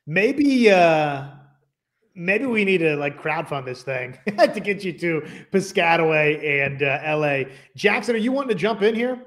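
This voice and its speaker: Guy hosting a sports talk show, kinda higher voice, laid-back, lots of uhs. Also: a little slow. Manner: relaxed, conversational, many fillers. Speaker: show host.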